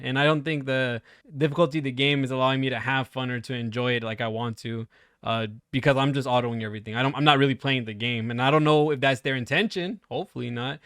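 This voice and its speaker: A man's voice: mid-range voice, fairly bright tone, clean tone, no echo, studio quality. A man hosting a casual gaming podcast over a voice call, joking, teasing and laughing often. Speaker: podcast host.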